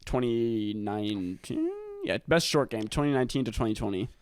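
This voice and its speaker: A man's voice: medium pitch, racing. A young man co-hosting a podcast in casual, crude banter, rambling and trailing off mid-sentence. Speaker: podcast co-host.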